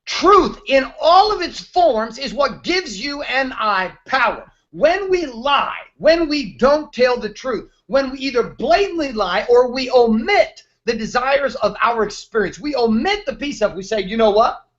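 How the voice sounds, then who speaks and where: On a muffled recording, a man in his thirties rants as a show host and motivational speaker, blunt, emphatic and heavy on profanity. His very high, sing-song voice is fairly bright, moving at a measured pace with hardly any pauses.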